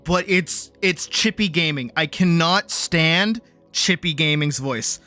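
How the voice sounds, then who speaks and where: A man's voice: fairly high pitch, slow pace, pushed and bright, faint music behind. A young man ranting casually on a game live stream, rambling with stumbling restarts and swearing.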